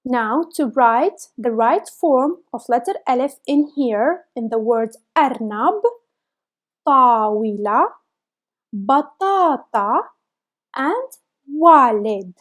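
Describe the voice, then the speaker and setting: A young woman teaching a beginner lesson, spelling sounds out letter by letter and repeating each word slowly. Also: high-pitched. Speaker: language teacher. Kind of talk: slow, careful lesson.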